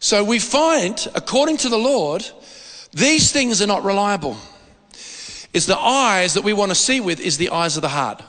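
This pastor's sermon comes in a high, bright, forceful, animated voice at a normal pace. He wanders from point to point, imitating the people he quotes, and the big hall's long reverb follows every line.

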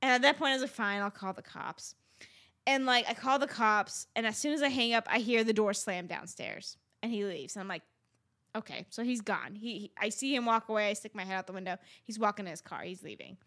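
A woman's voice: mid-range voice, fast. A young adult woman, a podcast co-host, chatting casually and acting out the lines of people in her story. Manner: animated storyteller, acts out quotes.

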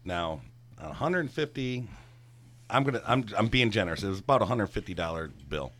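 A middle-aged former bartender, guesting in a casual chat, spins a long, profane, meandering tale from his bar days in a fairly low voice, a little fast. He gets animated when worked up, and a faint hiss or hum sits under the recording.

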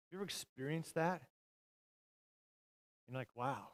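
A middle-aged man preaching a sermon, telling stories and swinging from loud, shouted passages to hushed, quiet lines. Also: a little high, normal speed. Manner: storytelling, swings from loud shouting to near-whispers. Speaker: pastor.

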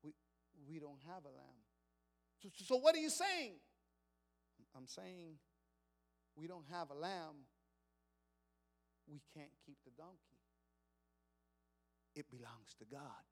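An excited biblical farm family, wife and son and father, as a high-voiced preacher acts them out, loud and giddy over their new donkey. It all rings long through a reverberant hall. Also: normal speed. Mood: hushed, grave.

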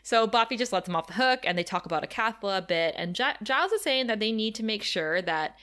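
A woman's voice: medium pitch, fast talker. A woman co-hosting a podcast, retelling scenes in casual chat with frequent laughter. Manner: animated, laughs often while retelling scenes. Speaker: podcast co-host recapping episodes.

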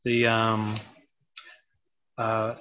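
A man hosting a podcast, chatty and quick to laugh in casual banter. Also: fairly low pitch, completely flat delivery, a bit bright, dull audio, a little hiss or hum. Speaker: podcast host.

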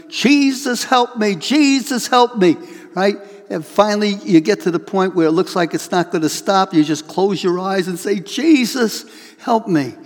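A male pastor preaching a sermon, telling illustrations with lively acted-out voices and reading scripture aloud. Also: a little high, long reverb tail. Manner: animated storytelling, acts out voices in illustrations.

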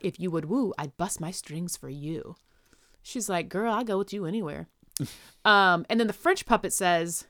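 A woman hosting a casual podcast, chatty and quick to laugh. Her voice sits a little low. The close mic sounds dry and free of room echo. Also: fairly bright tone. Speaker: podcast co-host.

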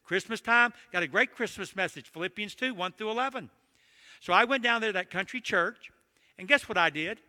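An older man from Georgia with a Southern accent, preaching a sermon with animated, self-deprecating storytelling. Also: sits high, fairly quick, big-room sound. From Georgia, USA. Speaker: pastor.

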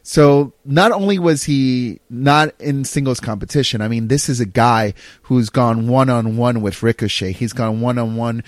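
A man co-hosting a casual wrestling chat, excitable and animated, quick to laugh. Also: medium pitch, no room sound. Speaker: podcast co-host.

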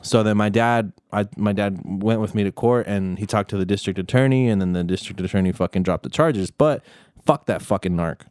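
A man's voice: on the low side, a little mellow, dry recording, clean studio sound. A young man in casual chat with friends, talking bluntly and swearing often. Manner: profane, blunt, quick reactions. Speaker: participant in a group chat.

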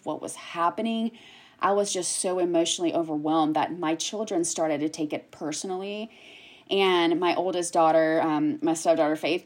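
A woman's voice: lowish voice, darkish tone. A woman speaking candidly and emotionally in a conversation, with many fillers. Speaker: guest, cancer survivor.

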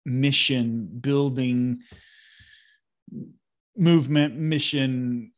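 A man's voice: medium pitch, steady tone, drawn-out words. A man in a casual conversation about pastoral ministry, thinking aloud and repeating words as he goes.

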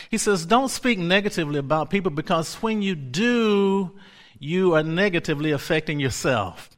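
Male preacher, earnest sermon delivery, fairly high-pitched, repeats lines to drive them home. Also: fairly bright tone. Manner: earnest, repeats key phrases for emphasis.

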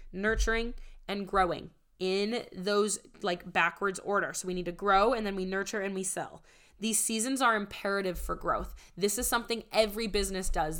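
A young woman business coach giving an enthusiastic, persuasive sales pitch, her voice strained and close to giving out. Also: bright, forceful tone. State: strained, nearly losing her voice. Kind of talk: promotional podcast monologue.

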